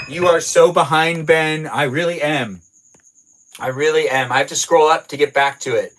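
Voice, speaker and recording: In a noisy setting, a man with a voice on the high side chats at a moderate pace, hosting a relaxed livestream from his home garage. He reads viewer chat aloud and replies in a playful, rambling manner.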